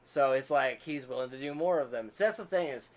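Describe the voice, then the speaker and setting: A man's voice: mid-range voice, fairly quick. A man hosting a casual podcast, chatty, telling stories and laughing often. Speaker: podcast host. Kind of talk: casual chat.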